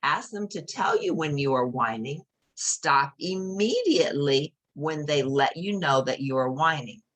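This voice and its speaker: A woman reading a children's picture book aloud, gently explaining each page to young listeners. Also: low-pitched, lively intonation, measured pace.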